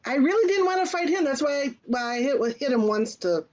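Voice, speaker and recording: Lively woman arguing game rules. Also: high-pitched, a little fast. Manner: argues rules points with animated emphasis. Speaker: player. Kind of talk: casual tabletop game chat.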